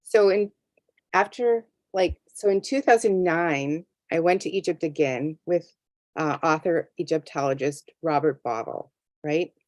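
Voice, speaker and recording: Animated woman telling stories, dry sound. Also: sits low, measured pace, no room sound. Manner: animated storyteller, acts out her own reactions. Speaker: tarot deck artist and guest. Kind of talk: casual interview storytelling.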